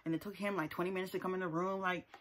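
Recapping a reality TV episode casually, this TV show reviewer talks rapid-fire in a fairly low, steady voice. She's sassy and emphatic, hammering points with asides and frequently ending them with "okay?".

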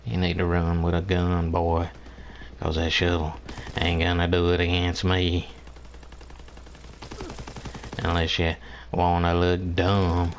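A man's voice: low-pitched, monotone, takes it slowly, long pauses, a little hiss or hum. A man giving casual commentary over his own online shooter match, trash-talking opponents and laughing often. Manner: playful trash talk with frequent laughter. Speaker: gameplay commentator.

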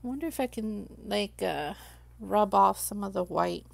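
A woman's voice: medium pitch, moderate pace, vocal fry. A woman hosting a crafting livestream, chatting casually with viewers and thinking aloud while she works. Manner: chatty, talks to herself while working, reads chat aloud.

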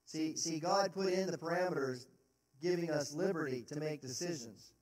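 High-voiced pastor preaching slow and earnest, echoey church, mic kinda far off. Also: male voice, darkish tone. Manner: earnest, emphatic, rhetorical questions. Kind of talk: sermon. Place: church sanctuary. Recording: roomy sound from a distant mic.

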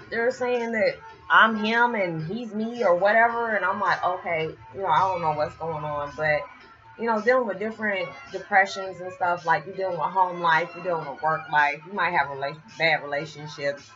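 A woman in her forties talking casually and heartfelt in a rambling spiritual vlog, full of fillers. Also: mid-range voice. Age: 40s. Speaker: vlogger. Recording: dull lo-fi with loud music behind.

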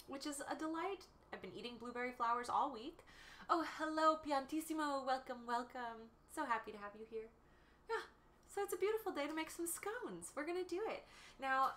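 A woman's voice: a little high, sharp tone, slight background noise. A woman in her thirties hosting a casual livestream from her kitchen, chatty and bubbly, laughing often as she answers viewers. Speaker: livestream host and tea shop owner. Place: home farmhouse kitchen.

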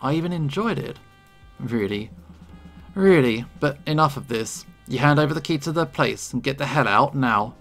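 A man's voice: mid-range voice, a little fast, creaky, few pauses, a bit bright, faint music behind. A man reading out the lines of a smug, scheming male bully in a game, in a mocking, gloating manner. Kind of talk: reading game dialogue aloud.

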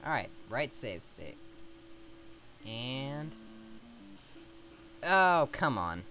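A man's voice: mid-range voice, very animated, drawn-out words, bright, forceful tone. A man giving casual let's-play commentary, rambling and mocking himself as he plays. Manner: rambling, self-mocking asides.

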